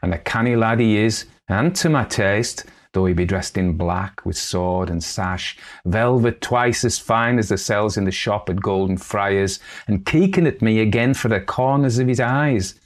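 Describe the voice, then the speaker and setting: A man voicing an eager, foolish young country girl who speaks in Northern English dialect and tells her tale excitedly. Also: fairly low pitch, measured pace, hardly any pauses, lightly acted.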